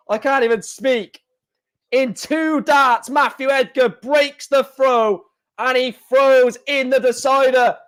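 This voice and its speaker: High-voiced guy hosting a live stream, slow and excitable, keeps saying wow. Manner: excitable, shouting at big moments, repeating "wow". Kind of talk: excited live sports commentary.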